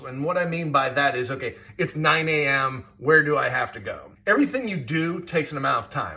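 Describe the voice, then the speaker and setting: A man's voice: fairly high pitch, pushed and bright. A man giving an enthusiastic, chatty review of a video game. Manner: enthusiastic, chatty, with scoring asides. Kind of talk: casual review commentary.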